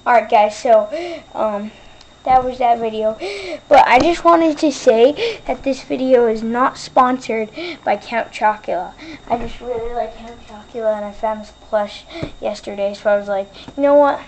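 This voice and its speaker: A woman's voice: fairly high pitch, moderate pace, slight background noise, low-quality recording. A woman wrapping up her video in a chatty, casual way, with plenty of fillers. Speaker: video creator. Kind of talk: casual vlog outro.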